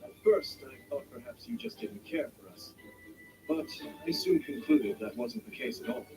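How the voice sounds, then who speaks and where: Formal young noble student, game character, high lively voice, gravelly edge, far-off sound with music. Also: male voice, full character voice. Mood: earnest. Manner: measured, sincere, formal speech. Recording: game audio heard from far off over music.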